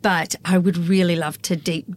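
A woman's voice: on the low side, fairly even intonation, moderate pace, a little hiss or hum. A middle-aged woman co-hosting a podcast, chatty and laughing, prone to talking over her guest. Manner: chatty, laughs often, talks over others. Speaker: podcast co-host. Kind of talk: casual podcast conversation.

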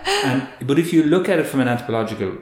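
A man, a guest expert explaining in an earnest, animated way, often restarting with repeated words. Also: medium pitch, fast talker. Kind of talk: conversational explaining. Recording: roomy echo.

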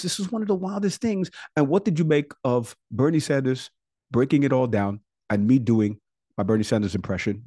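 A man hosting a political podcast in casual chat, talking in excitable bursts. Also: mid-range voice, dry recording, studio quality. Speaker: podcast host.

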